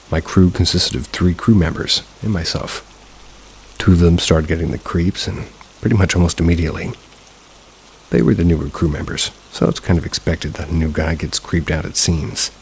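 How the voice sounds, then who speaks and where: A man narrating a first-person paranormal story in a steady, low-key manner. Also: a little hiss or hum, rough recording. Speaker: narrator of submitted paranormal stories.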